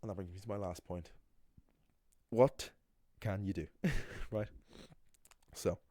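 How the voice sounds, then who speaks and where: A man with a very low, deep voice teaching pronunciation in a relaxed, chatty video lesson. He is animated and acts out the voices of the people he quotes. The sound is dry and close, with no room echo. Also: moderate pace. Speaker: language teacher.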